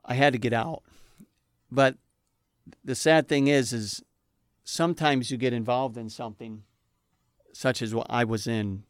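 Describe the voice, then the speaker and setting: A man's voice: mid-range voice, steady tone, measured pace, long pauses, smooth, no room sound, studio quality. A man telling his personal testimony in an earnest, emotional way, with preacher-like emphasis. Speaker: speaker giving a personal testimony.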